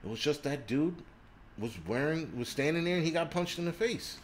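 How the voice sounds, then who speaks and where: A man's voice: a little high, lively intonation, moderate pace, slight background noise. Foul-mouthed man ranting combatively. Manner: swears constantly, crude and combative. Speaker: host of a prepping channel. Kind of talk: profane livestream rant. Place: indoors in a city.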